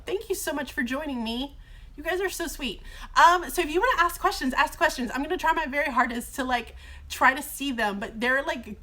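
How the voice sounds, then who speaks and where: A woman teacher chatting casually on a live phone stream from a car shop, her voice slightly hoarse from long talking. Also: a little high, pushed and bright. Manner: chatty and bubbly, many fillers. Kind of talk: casual livestream chat. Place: brother-in-law's car shop, indoors.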